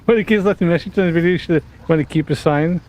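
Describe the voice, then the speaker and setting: A man's voice: fairly high pitch, quick pace, darkish tone. A man casually commenting over a video clip, mocking and swearing often. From Canada. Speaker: commentator reacting to a stream.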